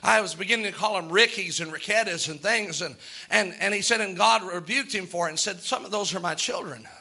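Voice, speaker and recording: A man's voice: high-pitched, fairly quick, pushed and bright, slightly rough. A man preaching a sermon from the pulpit, earnest and plain-spoken, rising to fervent outbursts. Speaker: pastor.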